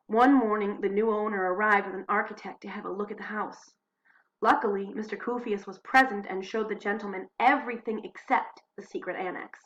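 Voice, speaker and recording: A woman reading diary entries aloud at home into a computer mic, expressive, slowing and hushing for dramatic moments. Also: mid-range voice, lo-fi sound. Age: adult. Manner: expressive, slows and hushes for drama. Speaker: diary reader.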